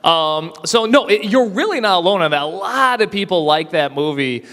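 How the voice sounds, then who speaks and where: Animated, bright-voiced man in a hall. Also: high-pitched. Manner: quick, animated, laughing, lots of fillers. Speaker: convention panel guest, film reviewer. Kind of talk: casual Q&A chat with audience. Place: convention hall. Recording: reverberant hall, PA mic.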